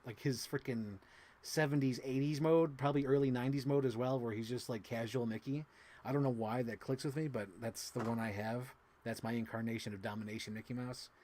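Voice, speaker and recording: A man with an ordinary mid-range voice talks loosely through a toy unboxing. He rambles, leans on fillers and swears casually, and his voice shoots up high when he gushes over a favorite piece. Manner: bursts into high-pitched gushing excitement. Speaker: toy collector vlogger.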